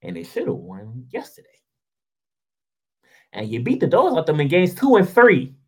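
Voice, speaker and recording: A man's voice: a little high, huge pitch swings, normal speed, poor audio. A man hosting a sports show, delivering a heated, sarcastic basketball rant full of rhetorical questions in informal, slangy speech.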